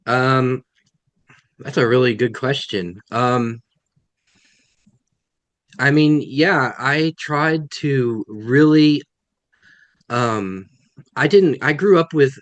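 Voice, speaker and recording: A man's voice: medium pitch, very slow, long pauses, a bit bright, no room sound. A man, a guest author, answering questions on a video call in a thoughtful way, often restarting his sentences. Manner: thoughtful, self-correcting, many restarts. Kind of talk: webinar Q&A answers.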